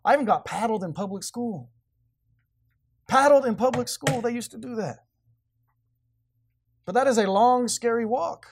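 High-voiced man preaching fervently. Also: moderate pace, long pauses, a little hiss or hum. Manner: fervent, swings between quiet asides and loud emphatic preaching. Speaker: pastor. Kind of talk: sermon.

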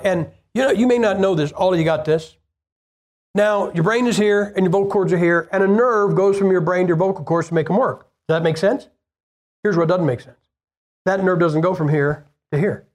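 An older man preaches in an easy, talking-to-you way, and his damaged vocal cords give a breathy edge as each sentence runs out of air. He stumbles and restarts often but keeps a plain, direct manner with his listeners. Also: high-pitched, a little mellow. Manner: conversational and plain-spoken, with repeated restarts. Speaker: evangelist preacher. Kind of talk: informal sermon to a group.

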